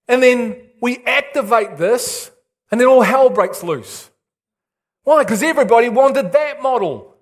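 A male pastor preaching an excitable, animated sermon with big swings in pitch. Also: a little slow.

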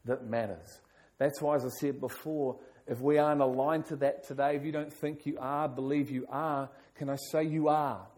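A man's voice: medium pitch, a little mellow. A middle-aged male pastor preaching a sermon, stressing his points by repeating key phrases.

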